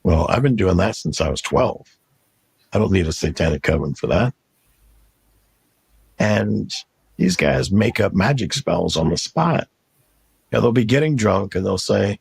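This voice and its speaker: A man's voice: low-pitched, expressive, unhurried, vocal fry, pauses often, husky, dry recording. A man telling his past story in an interview, blunt and matter-of-fact.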